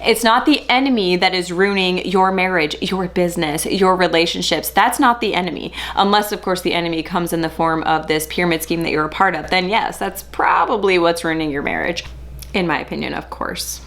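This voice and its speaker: A woman with a somewhat low voice giving reaction commentary. She talks in chatty, sarcastic asides. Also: brisk, a bit bright. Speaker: host.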